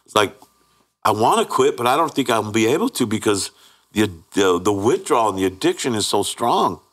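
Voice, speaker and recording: A man with a fairly low, sing-song voice speaks at a moderate pace, his tone fairly bright and slightly rough. He's a guest sharing his personal testimony candidly and plainly, often restarting, checking in with "right?", and earnestly acting out the voices of people in his story.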